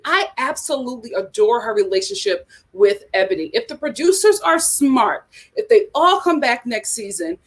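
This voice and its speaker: A woman hosting a casual, animated chat about reality TV, laughing often. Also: fairly high pitch. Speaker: host.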